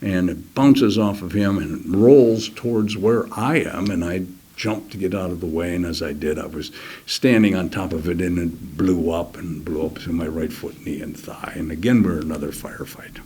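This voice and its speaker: Older man, husky and low-pitched, interview guest recounting combat, halting delivery. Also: mellow. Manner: halting, many restarts, drops to a near whisper at key moments; acts out other soldiers' words in quick quoted voices. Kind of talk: personal war story told in an interview.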